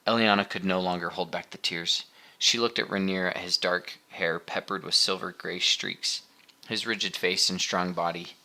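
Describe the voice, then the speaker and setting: Deep-voiced male audiobook narrator. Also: steady tone, normal speed, bright, forceful tone. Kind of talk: scripted narration.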